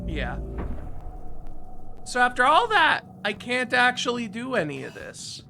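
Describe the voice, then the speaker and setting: Chatty bright-voiced man streaming a game. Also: extremely high pitch, huge pitch swings, measured pace, vocal fry, faint music behind. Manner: chatty, sarcastic, exasperated complaining about the game. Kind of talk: casual gameplay livestream chat.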